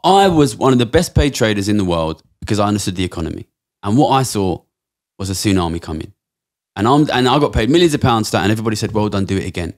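A rapid-fire man from England in his thirties with a lowish voice. He talks in a blunt, passionate way and swears often. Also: big pitch swings. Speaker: podcast guest. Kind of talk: casual interview talk.

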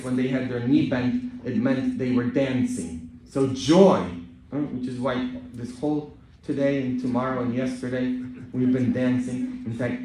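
A man from Poland, a Catholic priest, delivering a sermon with jokes and frequent questioning "huh?" asides, moving from quiet talk to loud, emphatic lines. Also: medium pitch, far from the mic, a little hiss or hum. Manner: preaching and joking, often ending lines with a questioning "huh?". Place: large church. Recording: echoey church heard from afar.

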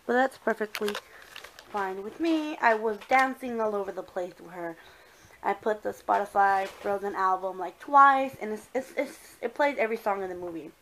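A young mom vlogs casually at home and outdoors in the rain with her daughter, filmed on a handheld phone. Her mid-range voice carries a little hiss or hum as she chats to viewers, switching between English and Spanish.

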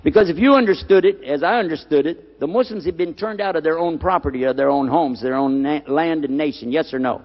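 An older man preaching a lecture, animated, putting questions to the audience and repeating key words. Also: a little high, brisk, few pauses, long reverb tail, dull audio. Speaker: Islamic preacher.

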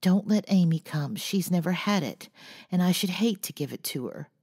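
A woman voicing a gentle, shy teenage girl who speaks softly and mildly, in an audiobook. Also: fairly low pitch, lively intonation, normal speed, breathy edge, voice pushed up. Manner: soft, quiet and mild.

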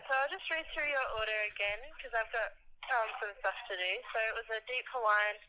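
A woman taking an order over the phone, brisk and impatient. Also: a little high, sharp tone. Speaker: pizza shop worker on a phone call. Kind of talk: phone call. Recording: tinny phone line.

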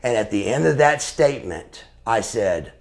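A man's voice: medium pitch, lively intonation, normal speed. A man in his forties, a former pro wrestler being interviewed, telling profane, blunt stories in a casual way. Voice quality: gravelly. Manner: profane, blunt storyteller calling the listener brother.

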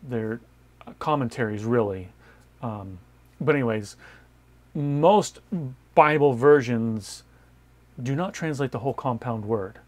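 A man preaching a Bible study sermon in an emphatic way, repeating key phrases and moving between loud stresses and quiet asides. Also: mid-range voice. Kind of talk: sermon-style Bible teaching.

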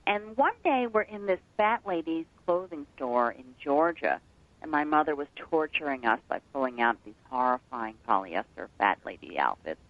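A woman from New Jersey, a guest chef and author, telling stories with lively animation on a radio interview. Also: extremely low pitch, dry recording, dull audio. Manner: animated storyteller, acts out voices in anecdotes.

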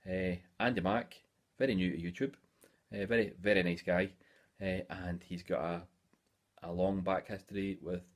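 Man, forties, Scottish accent, deep voice, rambling casual vlog chat, lots of filler words. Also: fairly even intonation, normal speed. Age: 40s. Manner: chatty and rambling, many "eh" fillers. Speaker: hobby YouTuber.

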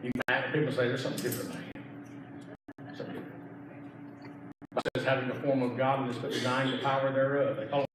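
A man's voice: medium pitch, flat delivery, quick pace, long pauses. A middle-aged man, a pastor, preaching an emphatic sermon with repeated phrases. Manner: emphatic, repetitive preaching with rising intensity. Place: church sanctuary. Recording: echoey church from far off, noisy.

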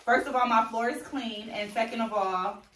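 A woman's voice: a little high, steady tone, normal speed, fairly bright tone, far from the mic. A woman hosting her family's vlog, chatting casually and directing her kids during a meal at home. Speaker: family channel host. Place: home living room, eating on the floor. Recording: roomy echo from a camera across the room, faint noise.

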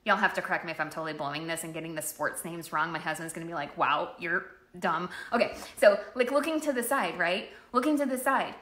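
Woman, livestream coach, bright and bubbly, echoey room. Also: fairly low pitch, fast, hardly any pauses. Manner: animated, chatty, acts out inner voices. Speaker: network marketing coach. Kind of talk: live-streamed motivational talk.

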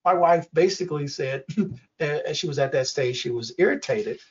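A man in his sixties giving an educational workshop talk, speaking slowly and clearly and acting out quoted examples. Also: on the high side, far from the mic. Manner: slow, deliberate, acts out quoted examples. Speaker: workshop presenter. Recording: dull lo-fi audio.

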